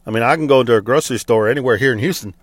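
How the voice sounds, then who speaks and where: This Texan interviewee, from the United States, speaks rapid-fire at a medium pitch with no echo. He relates a personal story in a frank, conversational way, peppered with blunt swearing.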